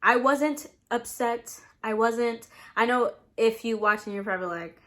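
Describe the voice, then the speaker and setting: A young woman in college, chatting casually to camera as a vlogger while eating, relaxed and rambling with many fillers. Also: fairly high pitch, measured pace. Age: young adult. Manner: relaxed, rambling, lots of "like" and "you know".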